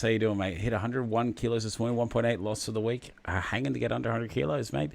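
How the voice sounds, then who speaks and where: A man's voice: mid-range voice, quick pace, gravelly, few pauses. A man hosting a livestream, chatting casually in a rambling, jokey way and reading out viewer comments. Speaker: livestream host.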